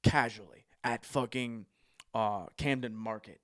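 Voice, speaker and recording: A man's voice: on the low side, measured pace, a bit bright, no room sound, studio quality. An American man hosting a podcast, telling a long travel story in casual chat, swearing often and rambling. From United States. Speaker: podcast host.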